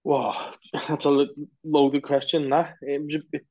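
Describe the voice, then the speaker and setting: A man co-hosting a casual football podcast, rambling through animated opinions. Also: a little high, a little slow, dry recording, muffled recording. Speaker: podcast co-host.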